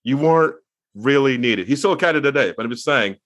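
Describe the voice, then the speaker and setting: A man's voice: mid-range voice, animated, quick pace, a bit bright. A man co-hosts a casual comedy podcast, building playful, mock-serious riffs. His voice sits in a middle register. The sound is dry and close, with no room echo. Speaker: podcast co-host.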